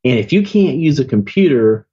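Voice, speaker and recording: A chatty man with a Southern drawl tells stories with a wry, joking edge. His voice is husky and a little breathy. The sound is dull and lo-fi, like a remote call. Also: medium pitch, big pitch swings, moderate pace, mellow. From South Carolina, US. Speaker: podcast guest, business owner. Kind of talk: casual interview chat.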